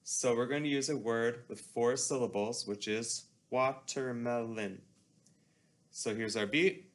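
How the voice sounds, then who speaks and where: Guy music teacher going real slow and patient, middle pitch. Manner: slow, patient, clear explanations with call-and-response chanting. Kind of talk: classroom music lesson.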